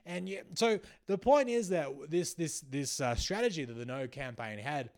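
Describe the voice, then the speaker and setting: A male comedian riffs through a sarcastic monologue. His voice sits a touch high, and he rambles and restarts often. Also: animated, moderate pace, a little mellow. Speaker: comedian host.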